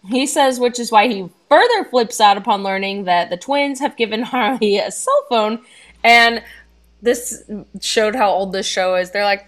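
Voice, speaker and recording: A woman's voice: fairly high pitch, moderate pace. A woman casually reading out and chatting over an anime episode recap on a video call, laughing often and tripping over words. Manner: reads a summary, laughs often, stumbles on words. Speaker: podcast co-host recapping an anime.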